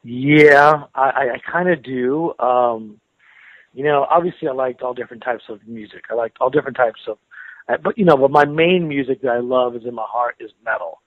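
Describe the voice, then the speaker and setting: An American man being interviewed as a metal guitarist, chatty and relaxed, laughing often and repeating words as he thinks. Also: mid-range voice, moderate pace, no echo. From United States. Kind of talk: casual phone interview. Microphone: phone. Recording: tinny dry phone line.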